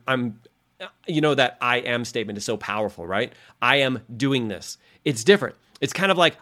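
A man's voice: a little high, a bit bright. A man hosting a motivational podcast as a coach, talking straight to his listeners in an earnest, direct way.

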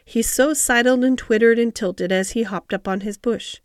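A woman narrating an audiobook of a classic story in a calm, measured reading style. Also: on the high side, no echo, clean studio sound.

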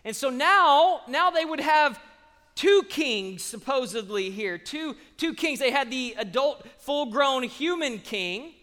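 A man preaching a sermon, telling the story conversationally with sudden surges in loudness. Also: very high voice, expressive, slow, in a large hall. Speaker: pastor.

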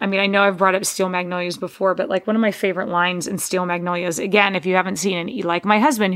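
A woman hosting a podcast, talking in a rambling, digressive casual monologue with frequent restarts. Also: medium pitch. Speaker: podcast host.

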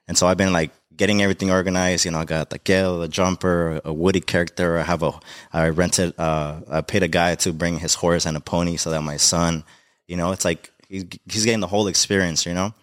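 A man's voice: low voice, steady tone, fairly quick, no echo, studio quality. A young man from Mexico, a podcast guest, talking in a heartfelt, rambling way with many fillers about being a dad. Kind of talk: emotional casual conversation.

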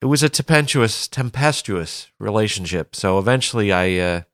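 A man with a low, smooth, resonant voice chats on a podcast. His storytelling is animated and full of laughter. The recording is close and dry. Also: moderate pace, no room sound. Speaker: golf caddie, podcast co-host. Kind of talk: casual chat.

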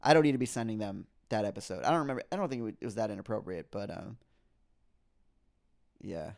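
Here a young podcast host has a lowish, gravelly voice and talks rapid-fire. He rambles through a comedic rant, cuts himself off mid-thought, and works up to animated exasperation.

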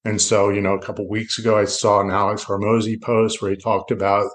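A middle-aged loan officer from South Florida talks as a podcast guest in a fairly low, level voice at a fairly quick pace. His casual interview talk is reflective and rambling, with many restarts.

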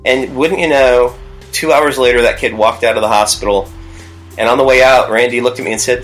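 A man who works as a youth pastor, telling a personal story in a casual, halting way with many restarts. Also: medium pitch, steady tone, fairly bright tone, soft background music, poor audio. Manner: halting, with frequent restarts and fillers.

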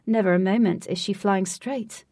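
A woman doing a shy, excitable man. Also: mid-range voice, normal speed, dry recording, studio quality, recorded from a distance, lightly acted. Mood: eager. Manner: bashful, then over-eager.

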